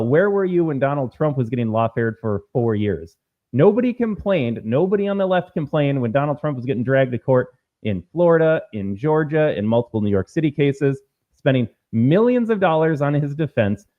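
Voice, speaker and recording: A man hosting a political commentary show, talking in a combative, sarcastic way and mocking opponents with put-on quotes. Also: a little high. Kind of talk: opinion commentary. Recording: phone-like narrow sound.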